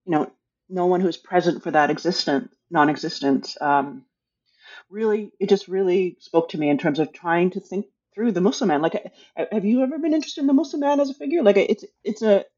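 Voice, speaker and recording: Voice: medium pitch, brisk, darkish tone, muffled recording. An author talking casually about their book, hesitant and thinking aloud, with many restarts. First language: English.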